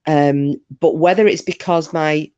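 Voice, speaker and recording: A woman's voice: deep voice, fairly even intonation, a little slow, a little mellow, clear, resonant tone, no room sound, dull audio. A woman with a Northern English accent, originally from Scotland, hosting a casual chat and telling rambling stories with the odd swear word. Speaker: host.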